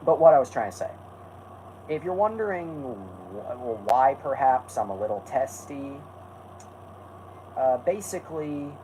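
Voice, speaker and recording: Male streamer host, mid-pitched, rambling and self-correcting, faint background noise. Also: very animated, a little slow, pauses often, mellow, rough recording. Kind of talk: casual livestream chat.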